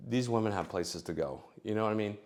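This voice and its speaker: A man's voice: on the low side, fast talker. A middle-aged man giving casual dating advice, rambling with many fillers and acting out both sides of conversations.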